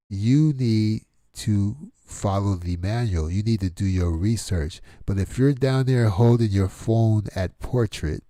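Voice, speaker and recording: A middle-aged man from Detroit talks in a blunt, exasperated monologue, firing off rhetorical questions. His voice sits low with a dark, mellow tone. The sound is dry and close, with no room around it. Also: dry recording. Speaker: channel host. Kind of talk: casual commentary monologue.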